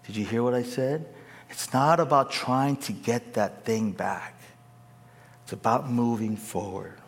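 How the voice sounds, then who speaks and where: A man preaching a sermon in a church or large hall, animated, calling on the crowd to answer him. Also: mid-range voice, a little slow. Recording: echoey hall.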